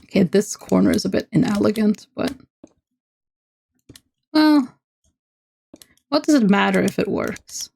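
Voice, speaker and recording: Gravelly, unhurried Norwegian woman streamer. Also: mid-range voice, lively intonation, a little mellow. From Norway. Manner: chatty, talks to her chat while playing. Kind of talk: casual gameplay livestream chat.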